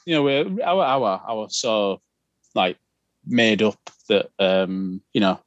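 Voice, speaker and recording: A man's voice: fairly low pitch, takes it slowly, dry recording, muffled recording. A man, chatting casually. He often hesitates and restarts his sentences. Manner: hesitant, many restarts and ums, laughs easily. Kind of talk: casual chat.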